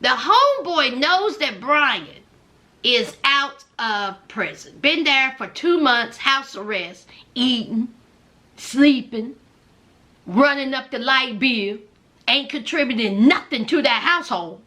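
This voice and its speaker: A woman's voice: sits high, expressive, slow pace, pushed and bright. A woman with a Southern US accent giving sassy, emphatic commentary on a reality show, speaking straight to her viewers. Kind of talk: casual commentary.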